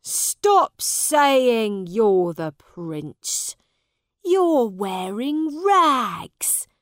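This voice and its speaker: A woman voicing an angry crowd of townspeople who shout and mock. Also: fairly high pitch, big pitch swings, drawn-out words, no room sound, studio quality, full character voice. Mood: jeering. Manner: shouting, mocking.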